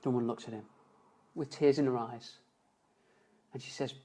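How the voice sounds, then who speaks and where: A man telling an emotional story as a motivational speaker on a live stream, earnest, slowing and dropping softer for emphasis. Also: medium pitch, fairly even intonation, poor audio. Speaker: motivational speaker and seminar founder. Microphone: phone or webcam on a live stream.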